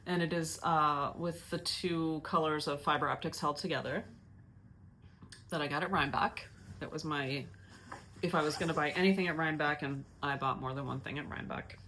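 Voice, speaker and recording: Woman host, low-ish voice, casual self-mocking chatter with frequent restarts. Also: steady tone, moderate pace, bright, forceful tone, a little hiss or hum. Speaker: knitting podcast host. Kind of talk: casual chat.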